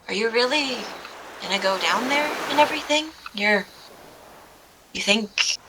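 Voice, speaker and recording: A woman's voice: on the high side, animated, a little slow, background noise, pitched above the performer's own voice. A woman voicing a nervous young man in his late teens who stammers and hesitates. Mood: anxious.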